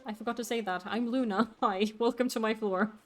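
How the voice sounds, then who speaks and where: A woman's voice: fairly high pitch, steady tone, brisk, faint music behind. A woman streamer chatting casually and playfully with her live audience while playing a game, laughing often. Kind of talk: casual live gameplay chat.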